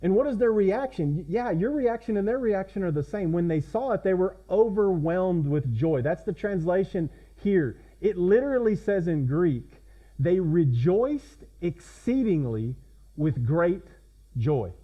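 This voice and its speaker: Pastor preaching, asking the congregation questions. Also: male voice, sits high, animated, moderate pace, hardly any pauses, lo-fi sound. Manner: conversational, asks the congregation questions. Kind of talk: sermon.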